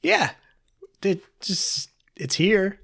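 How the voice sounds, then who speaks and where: A man co-hosting a podcast, talking in a hushed, mock-serene way and urging the others to keep quiet. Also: on the high side, moderate pace. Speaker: podcast co-host. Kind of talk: casual banter.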